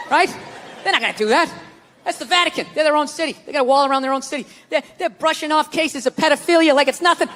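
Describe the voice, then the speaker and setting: A man doing a stand-up comedy routine, ranting with lots of profanity and shouting his punchlines. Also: extremely high pitch, fast talker. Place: comedy stage before a live audience. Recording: live club set with crowd laughter and noise.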